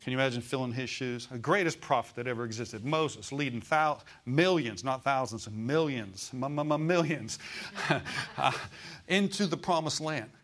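A man's voice: mid-range voice, moderate pace, a bit bright. An older man preaching a sermon in a folksy, rambling way, climbing to emphatic declarations when he quotes scripture.

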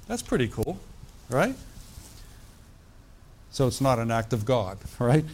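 A man's voice: mid-range voice, sing-song, takes it slowly, long pauses, a little mellow. A man preaching, reading scripture aloud and breaking off to comment in a conversational way. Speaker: pastor. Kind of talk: sermon.

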